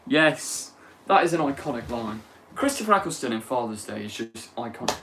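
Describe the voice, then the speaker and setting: A young man hosting a casual chat stream, talking fast and excitedly and bursting into loud shouted lines. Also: mid-range voice, a little hiss or hum. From England. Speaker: livestream host.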